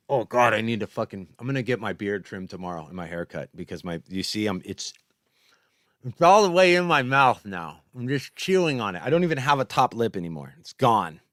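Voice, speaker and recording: A man's voice: fairly low pitch, a bit bright, no echo, clean studio sound. A man in his thirties from San Jose, California, giving blunt, profanity-heavy casual commentary on battle rap. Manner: blunt, profane, trash-talking.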